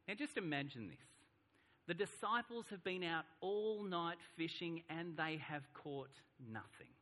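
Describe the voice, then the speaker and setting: Australian preacher, bright tone, hall reverb. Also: male voice, on the high side. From Melbourne, Australia. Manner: reads scripture slowly, then preaches with animated rising emphasis. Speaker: pastor. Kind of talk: sermon with scripture reading. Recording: long reverb in a large hall.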